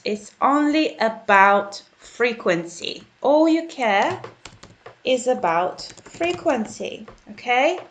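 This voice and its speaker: A woman's voice: fairly high pitch, animated, slow pace, fairly bright tone. Chatty British woman teaching grammar. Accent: British English. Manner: chatty, checks in with "okay?" and "guys"; typing while explaining. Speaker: English teacher. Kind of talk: online grammar lesson.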